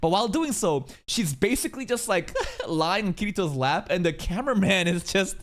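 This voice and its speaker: A man streaming a casual reaction to a video, crude and excitable, stammering and laughing as he talks. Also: sits high, fairly quick.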